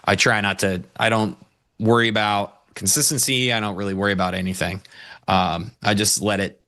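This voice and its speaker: A man's voice: lowish voice, fairly even intonation, moderate pace, pushed and bright. A man co-hosting a live stream, chatting loosely and laughing often as he answers chat questions.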